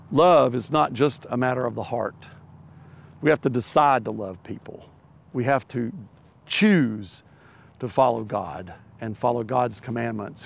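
A man's voice: mid-range voice, gravelly. A middle-aged man preaching a sermon, telling a children's animal story with playful voices before turning to its lesson. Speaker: pastor.

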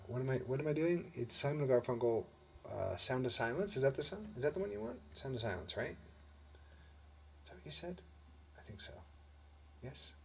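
A man's voice: medium pitch, gravelly, bright, forceful tone, slight background noise. A middle-aged man hosting a live-streamed music show, chatting with viewers and greeting them by name. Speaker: livestream musician host. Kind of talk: live-streamed singalong and chat. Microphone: webcam or computer mic. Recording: faint guitar music behind.

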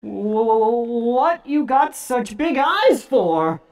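Woman voicing a scared young boy, timid, stammering, slow. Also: fairly high pitch, big pitch swings, a little mellow, pitched above the performer's own voice, full character voice. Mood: frightened.

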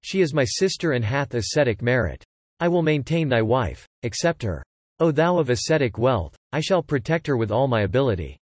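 Stately snake king read by a man, formal and reassuring, lively pitch. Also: brisk, dry recording. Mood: assuring. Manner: formal assuring speech. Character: dignified serpent king, protective brother.

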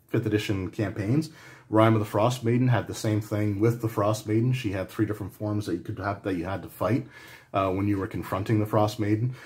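A man's voice: on the low side, darkish tone. A man giving a casual spoken review of a tabletop game book, talking loosely with frequent restarts and fillers. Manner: conversational, rambling with frequent restarts and "like".

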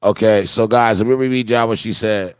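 A man's voice: lowish voice, steady tone, moderate pace, clear, resonant tone, no room sound, clean studio sound. A man hosting a live-streamed music review, talking in crude, mocking, joking banter. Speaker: host.

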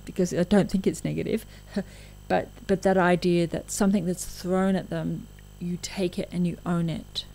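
Female lecturer, lowish mellow voice, frank and chatty delivery. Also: poor audio. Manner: frank, conversational, with asides. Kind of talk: recorded lecture.

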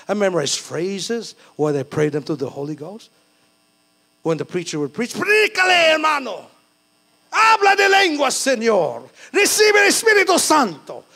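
Gravelly, high-voiced pastor preaching. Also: male voice. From Philippines. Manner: conversational, self-deprecating preaching with bursts of fervor. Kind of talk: sermon.

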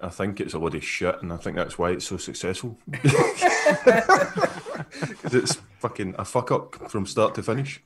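A man's voice: on the low side, wildly swooping pitch, unhurried, pauses often, a bit bright, slight background noise. A man with a Northern English accent in a casual live-stream chat, laid-back and sweary, often laughing. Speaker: co-host.

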